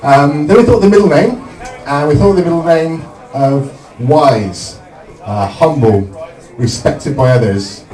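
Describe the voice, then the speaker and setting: A young man from Somerset, doing a stand-up comedy set with deadpan one-liners and frequent "um" pauses. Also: on the high side. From Somerset, England. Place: comedy club stage. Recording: echoey club, distant mic, loud crowd.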